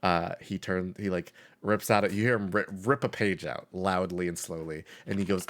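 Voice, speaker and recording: Low-voiced man running a tabletop game. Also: fairly even intonation, moderate pace, fairly bright tone. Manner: casual, laughing often, filler-heavy. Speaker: game master.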